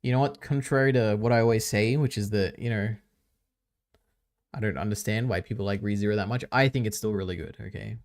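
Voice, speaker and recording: A man's voice: lowish voice, brisk, darkish tone. A man hosting a live stream, rambling and reacting casually as he chats.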